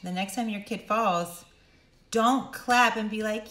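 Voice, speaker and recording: A middle-aged woman coaching viewers directly, emphatic and animated, acting out quotes in sudden high voices. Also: unhurried, roomy sound. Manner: animated, emphatic, acts out quotes with big pitch jumps. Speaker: speaker and coach. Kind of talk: direct-to-camera talk.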